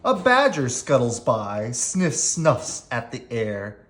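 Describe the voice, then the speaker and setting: Slow bedtime story reader, really bouncy pitch, goes hushed on the sleepy bits. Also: big pitch swings. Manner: slow and sing-song, hushing to a whisper on refrains. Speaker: children's book reader. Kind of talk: bedtime read-aloud.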